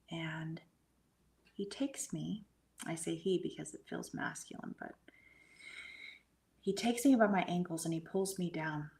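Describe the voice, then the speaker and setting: A middle-aged woman with a low, gravelly voice tells a personal experience in casual conversation. She talks earnestly and slips into soft, breathy asides now and then. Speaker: guest medium and hypnotherapist.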